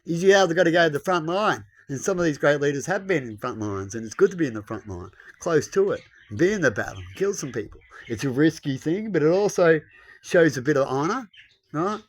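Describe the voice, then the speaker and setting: A man's voice: fairly high pitch, expressive, a little fast. A man rambling bluntly in a casual monologue, lecturing a listener and tossing in tag questions and mild swearing. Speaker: vlogger.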